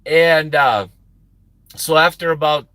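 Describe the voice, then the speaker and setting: A man's voice: fairly high pitch, slow pace, no room sound. An American man, a truck driver and live-stream host, telling a story in a casual, profane way with frequent laughs. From United States. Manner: animated, profane, laughing often.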